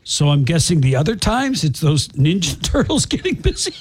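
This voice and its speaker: A man's voice: fairly high pitch, very animated, normal speed, breathy edge. A man hosting a radio show, reading out odd news stories with wry jokes in casual banter.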